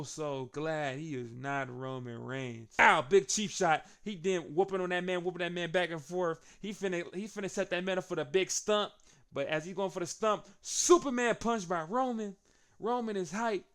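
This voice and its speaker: A man giving a casual, animated recap of a wrestling show, laughing often and acting out the wrestlers' lines. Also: a little high, clean tone.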